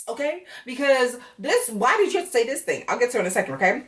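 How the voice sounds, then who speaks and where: A woman's voice: on the high side, big pitch swings, fast talker, few pauses, far from the mic. A woman giving a frank, chatty recap of a reality show on her vlog, swearing freely. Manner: frank, chatty, with heavy profanity.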